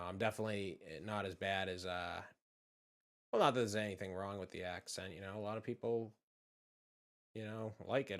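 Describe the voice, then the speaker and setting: A man's voice: low-pitched, a bit bright. A man from just south of Boston with a Boston accent, chatting in a rambling, profane, laid-back way while he draws. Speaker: channel host. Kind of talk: casual chat while drawing.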